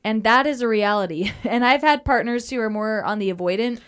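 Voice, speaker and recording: A woman's voice: fairly high pitch, a little fast, smooth. A woman in casual talk about relationships who earnestly acts out the lines she quotes. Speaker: co-host.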